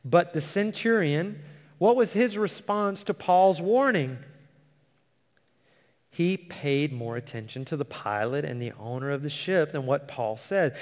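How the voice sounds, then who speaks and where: A man preaching a sermon, reading scripture slowly and earnestly and explaining it to a congregation. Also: medium pitch. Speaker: pastor. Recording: long hall reverb.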